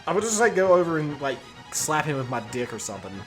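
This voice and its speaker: A man's voice: on the high side, big pitch swings, quick pace. A young man streaming a text adventure, reading the story aloud and rambling through his own commentary, swearing and filling with "like". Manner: rambling, filler-heavy, swears and laughs often. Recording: faint background music.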